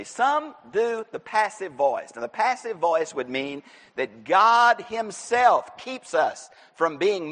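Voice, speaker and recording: A high-voiced man preaching in a church, his pitch leaping all over as he teaches and exhorts. He is emphatic and animated and now and then bursts into a shout. A long hall reverb trails every word. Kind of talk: expository sermon.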